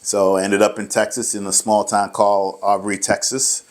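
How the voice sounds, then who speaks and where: A middle-aged man with a low voice tells his story as a guest in a relaxed interview. He rambles, laughs easily and slips into little acted-out lines of dialogue. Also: moderate pace. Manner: rambling, laughs often, acts out quoted dialogue. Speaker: rehab clinic director, guest.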